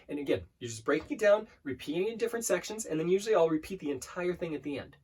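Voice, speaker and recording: A man's voice: a little high, lively intonation, a little mellow, husky. A man coaching viewers on affirmations in an earnest self-help talk, often repeating words as he explains. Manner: earnest, repeats words and restarts, slows to demonstrate. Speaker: life coach. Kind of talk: self-help teaching to camera.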